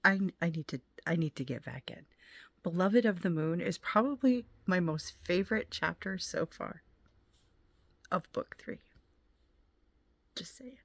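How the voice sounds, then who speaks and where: A woman chatting at home about her reading, soft-spoken and often dropping to a half-whisper. Her voice is slightly low, with gravelly fry and a husky edge. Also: expressive, unhurried, long pauses, no room sound. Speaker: book vlogger. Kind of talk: casual vlog chat.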